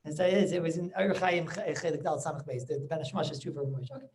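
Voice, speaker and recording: A man's voice: a little high, a little mellow, slight background noise. A man, a rabbi, giving a Talmud lecture over a video call, often restarting his words and checking whether listeners follow. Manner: keeps checking listeners with quick questions; repeats words and restarts as he goes. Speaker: rabbi teaching a class.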